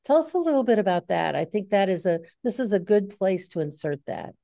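A woman hosts the conversation, guiding her guest to a new topic in a relaxed, chatty way. Her voice is mellow and medium in pitch, heard dry and close. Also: brisk, vocal fry, dry recording. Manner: conversational, gently redirecting with fillers. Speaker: interview host.

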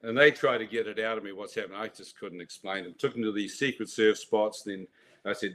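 A man's voice: lowish voice, fairly quick, a bit bright. An older man telling his life story as an interview guest, vivid and dramatic, with restarts. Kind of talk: animated storytelling.

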